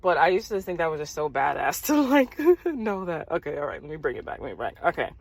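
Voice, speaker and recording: A young adult woman talking casually and openly on her own podcast, animated and quick to laugh. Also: sits low, gravelly, breathy edge, dry recording. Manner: conversational, animated, laughs easily. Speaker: podcast host. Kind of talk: casual solo podcast talk about faith.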